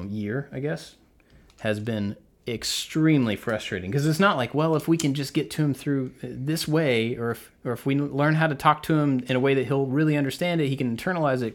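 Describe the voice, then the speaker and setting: A man in casual conversation, reflective and a little hesitant, speaking frankly about a frustrating year as a parent. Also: medium pitch. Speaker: podcast co-host, parent. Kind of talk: casual chat.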